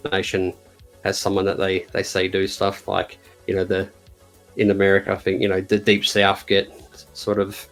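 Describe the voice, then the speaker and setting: A man in casual chat as a guest, talking with many ums and restarts. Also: fairly low pitch. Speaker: podcast guest.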